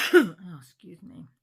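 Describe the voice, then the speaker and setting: A woman in her forties chatting casually while she works on a craft project, rambling and correcting herself mid-sentence. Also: sharp tone. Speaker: crafting channel host.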